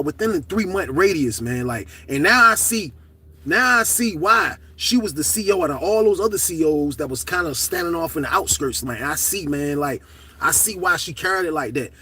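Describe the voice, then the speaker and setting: Middle-aged man, loose profane storytelling vlog, husky bright voice, slightly distant mic. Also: on the high side. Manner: animated, profane, shouts at peaks of the story. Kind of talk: casual storytelling to camera.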